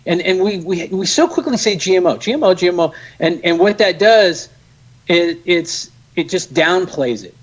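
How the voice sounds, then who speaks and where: A man speaking as a guest in a casual interview, animated, emphatic and sarcastic. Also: high voice, moderate pace, highs cut off.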